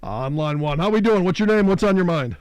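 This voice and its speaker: Male call-in show host; high, dry, chatty and opinionated. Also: expressive, quick pace, clean tone, dry recording. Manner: conversational, opinionated. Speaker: radio talk show host. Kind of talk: call-in radio talk.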